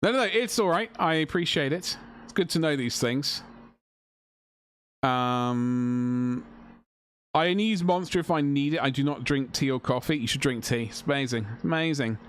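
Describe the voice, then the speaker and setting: A man's voice: mid-range voice, moderate pace, smooth. A man chatting casually to a live-stream audience while painting miniatures, joking with mock outrage.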